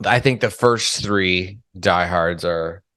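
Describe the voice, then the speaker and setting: A man co-hosting a casual film discussion, relaxed and a little hesitant as he talks. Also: low voice, slow, no room sound, clean studio sound. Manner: relaxed, hesitant, many fillers. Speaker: podcast co-host.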